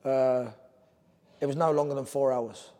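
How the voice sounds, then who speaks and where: A man's voice: medium pitch, fairly even intonation, a little slow, mellow, big-room sound. A middle-aged man with a London Cockney accent, a former boxer telling his story as a podcast guest, earnest and drifting from topic to topic. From Ireland. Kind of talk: candid podcast interview.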